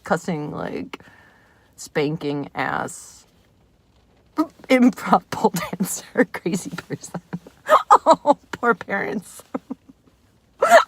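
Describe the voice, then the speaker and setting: A woman's voice: fairly low pitch, animated, slow, long pauses, a little hiss or hum. A woman in her thirties talking to camera from her car, rambling casually, laughing often and swearing freely. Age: 30s. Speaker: vlogger. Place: inside a parked car in the rain.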